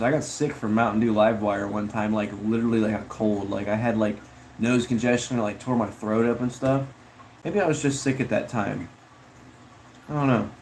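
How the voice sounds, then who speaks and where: A man's voice: mid-range voice, darkish tone, slight background noise, rough recording. A man chatting casually on a livestream, reading chat in a rambling, slangy way with frequent laughs.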